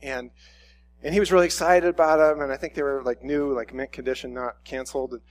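A man's voice: mid-range voice, steady tone, brisk. A middle-aged man preaching a sermon in a conversational, storytelling way, often restarting his sentences. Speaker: pastor.

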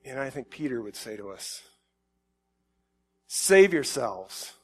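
A man giving a conversational sermon, shifting from quiet reflective musing to loud emphatic outbursts. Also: medium pitch, a little fast, breathy edge. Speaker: pastor.

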